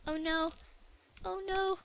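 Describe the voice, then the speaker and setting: A young female gaming video creator chatting excitably to herself while she plays. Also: very high-pitched, slow pace, creaky. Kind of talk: casual gameplay commentary.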